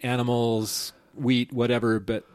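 A man's voice: medium pitch, level tone, a little slow, no room sound, clean studio sound. Chatty, opinionated male podcast host. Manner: chatty, opinionated, laughs easily. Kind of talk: casual chat.

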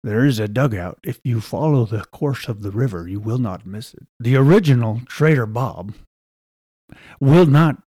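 A man doing a slow, formal old frontier dentist. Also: mid-range voice, animated, mellow, husky, no echo. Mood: deadpan. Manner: slow, formal, without contractions.

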